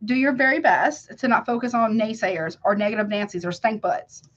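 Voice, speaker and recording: A woman gives a casual tarot reading in a slightly high voice, talking emphatically with plenty of slang. She keeps checking in with the listener as she goes. The recording sounds a little dull and lo-fi. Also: a little fast. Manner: emphatic, slangy, keeps asking "you see what I'm saying?". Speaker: tarot reader.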